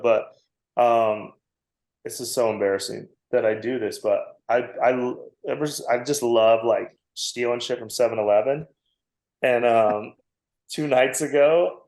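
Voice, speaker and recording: A man's voice: medium pitch, a little mellow. A man in his forties, a comedian guest, telling a long, self-mocking story on a podcast and laughing often. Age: 40s. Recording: roomy echo.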